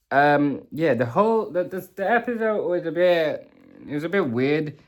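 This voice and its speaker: A young man giving an emotional, rambling review of a TV finale, full of fillers, restarts and swearing. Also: fairly high pitch. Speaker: vlogger reviewing a TV show. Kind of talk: casual rambling reaction review.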